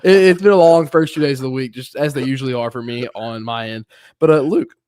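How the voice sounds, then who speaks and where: A man's voice: medium pitch, brisk, darkish tone, smooth, no room sound, clean studio sound. A man from Tennessee with a Southern American accent, co-hosting a casual podcast chat as an easygoing storyteller. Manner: laid-back storyteller, easygoing. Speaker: podcast co-host.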